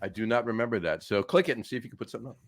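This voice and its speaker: A man's voice: on the low side, animated, racing. A man hosting a casual sports podcast over a remote call, upbeat and laughing often. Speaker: podcast host. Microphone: remote call setup.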